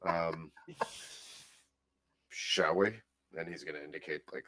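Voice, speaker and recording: A man with an extremely low voice plays along in a tabletop game. He talks casually and hesitantly, with plenty of fillers as he thinks aloud. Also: fairly even intonation, slow pace, pauses often, fairly bright tone. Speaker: player.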